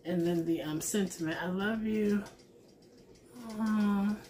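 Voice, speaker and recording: A woman chatting casually to her viewers while opening craft mail, gushing and excited, and a mother. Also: medium pitch, takes it slowly. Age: adult with a son. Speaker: crafting vlogger. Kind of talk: casual unboxing chat.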